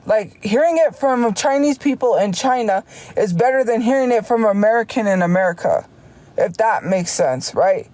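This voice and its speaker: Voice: mid-range voice, expressive, darkish tone, no room sound. Heated livestreamer ranting casually. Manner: heated, talks fast and restarts sentences often. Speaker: live streamer.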